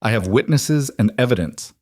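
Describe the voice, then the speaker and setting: A man's voice: mid-range voice, lively intonation, moderate pace, darkish tone, no echo, clean studio sound, close to an everyday voice. A man voicing a determined young frontier woman who speaks firmly and sharply in an audiobook. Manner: firm, clipped and hard. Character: determined young woman reclaiming her inheritance.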